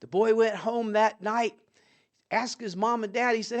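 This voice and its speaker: Brief: folksy narrator for an uplifting moral story, middle pitch, plain and homely. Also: fairly even intonation, a little slow. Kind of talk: inspirational storytelling.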